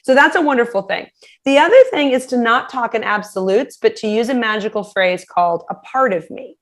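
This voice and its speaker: An animated woman with a fairly high voice, speaking as a guest expert in an interview. She gives practical advice and slips into little acted voices for her example phrases. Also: a little fast. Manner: animated, acts out quoted phrases in shifting voices.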